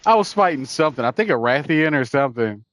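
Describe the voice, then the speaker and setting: A man's voice: mid-range voice, animated, quick pace, no echo. A man co-hosting a podcast, chatting about games in a laid-back, slangy way. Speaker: podcast co-host. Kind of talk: casual gaming chat.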